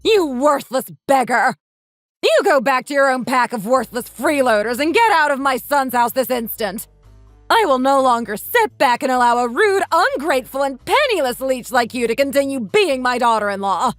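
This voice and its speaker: A woman's voice: high-pitched, animated, brisk, hardly any pauses, dry recording, soft background music. A woman voicing a bossy, scornful sixty-year-old mother-in-law in a texting story, scolding and insulting. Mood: furious.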